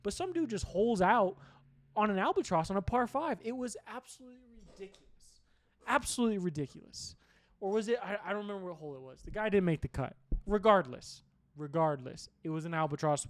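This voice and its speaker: A man's voice: sits high, lively intonation, fast. A young man hosting a sports podcast, recapping golf in a loose, profane, rambling chat.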